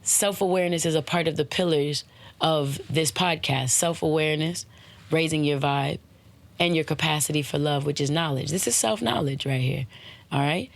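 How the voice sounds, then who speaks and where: A podcast host speaks with a low, creaky voice at a moderate pace, with no echo. She gives a casual motivational talk and slips into playful voices for her examples.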